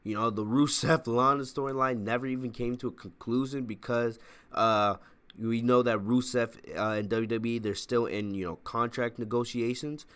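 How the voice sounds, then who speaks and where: A man's voice: medium pitch, steady tone, moderate pace, fairly bright tone, smooth. A man hosting a wrestling review channel, talking in a casual, rambling way and often checking in with "all right?".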